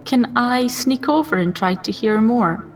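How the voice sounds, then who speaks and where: A woman playing a tabletop game, speaking briskly and matter-of-factly about her character's moves. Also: a little high, animated, soft background music. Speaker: player. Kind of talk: casual tabletop game play.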